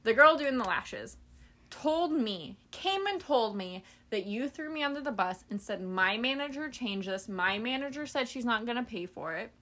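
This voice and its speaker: A woman's voice: fairly high pitch, moderate pace. A woman podcast host casually telling a story, acting out the people she quotes and swearing offhandedly. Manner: animated, acts out quoted people.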